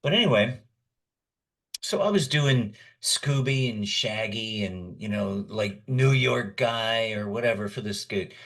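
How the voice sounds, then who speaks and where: A man's voice: fairly low pitch, lively intonation, measured pace, fairly bright tone. A man in his sixties, a guest voice actor, telling long rambling anecdotes with chuckles in a casual chat. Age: 60s. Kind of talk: casual storytelling.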